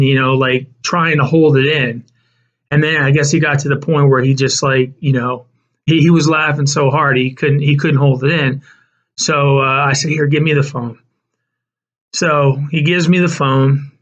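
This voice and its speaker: A man's voice: a little high, a bit bright. A man telling a personal story in a loose, rambling way, full of fillers and restarts. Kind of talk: casual spoken storytelling. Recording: dull lo-fi recording.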